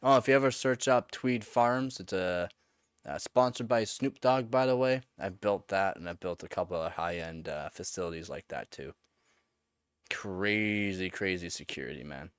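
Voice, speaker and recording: A man with a fairly low voice chats on a live stream, drifting from story to story with plenty of "uh"s and easy laughter. The sound is dry and close, with little room around it. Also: moderate pace, clean tone, no echo. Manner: rambling storytelling with frequent fillers and laughs. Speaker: live streamer answering chat. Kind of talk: casual live-stream chat.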